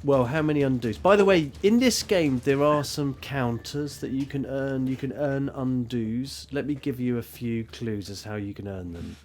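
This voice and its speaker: A man running a tabletop role-playing game as game master, narrating scenes in a rambling, animated, self-mocking way. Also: mid-range voice, moderate pace, few pauses.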